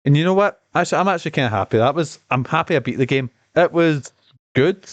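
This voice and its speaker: A man commenting on a game during his stream, rambling, profane and excitable, with a cough. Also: a little high, fast talker, no room sound, muffled recording. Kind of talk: casual gaming stream commentary.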